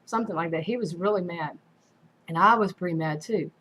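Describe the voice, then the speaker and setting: A woman's voice: on the low side, a little fast, a bit bright, a little hiss or hum, low-quality recording. A woman casually telling a personal story in a rambling way, full of fillers and restarts. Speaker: vlogger.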